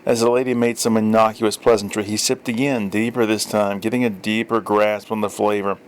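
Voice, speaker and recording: A man's voice: lowish voice, little pitch movement, fairly quick, a little hiss or hum. A man reading a story aloud in a dry, wry storytelling manner with small self-corrections. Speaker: story reader. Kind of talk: audiobook narration.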